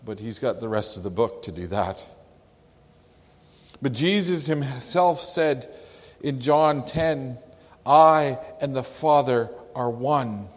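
A pastor preaching a sermon, slow and emphatic, leaning hard on key words. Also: male voice, medium pitch, animated. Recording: long hall reverb.

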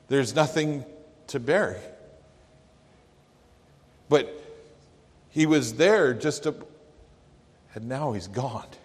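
A man preaching a sermon, in an earnest and reflective way. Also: mid-range voice. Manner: slow, earnest, reflective delivery. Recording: long hall reverb.

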